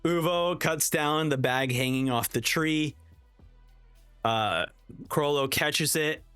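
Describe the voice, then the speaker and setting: A man's voice: on the high side, takes it slowly, fairly bright tone, clear, resonant tone, dry recording, soft background music. A young man reacting to an anime episode, reading the subtitles aloud and narrating each scene, often stopping to correct himself. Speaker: reaction streamer.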